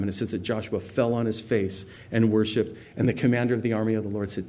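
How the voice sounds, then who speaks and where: A pastor teaching verse by verse through a Bible passage in a relaxed, conversational way, explaining word meanings and quoting scripture with feeling. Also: male voice, mid-range voice, quick pace, few pauses.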